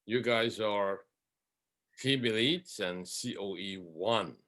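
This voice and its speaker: A man co-hosting a casual video-call interview, speaking haltingly and restarting his phrases. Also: lowish voice, a bit bright. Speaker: co-host, interviewer.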